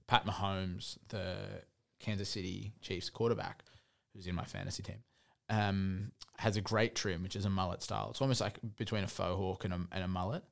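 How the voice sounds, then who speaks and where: A man's voice: deep voice, creaky. A man co-hosting a podcast, chatting casually, teasing his co-host and laughing often. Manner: laughing, teasing, swears freely. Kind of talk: casual chat.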